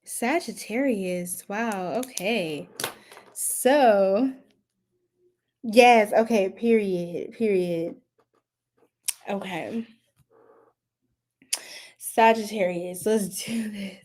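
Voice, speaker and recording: Slow-talking chatty woman tarot reader. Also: medium pitch, a little mellow. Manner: chatty, giggly, talks to viewers in chat. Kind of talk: casual live tarot reading.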